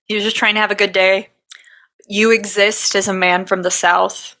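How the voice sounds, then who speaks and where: A woman's voice: mid-range voice, flat delivery, normal speed, pushed and bright. A young woman co-hosting a podcast, sarcastic and giggly, acting out voices as she tells stories. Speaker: podcast co-host. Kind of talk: casual chat.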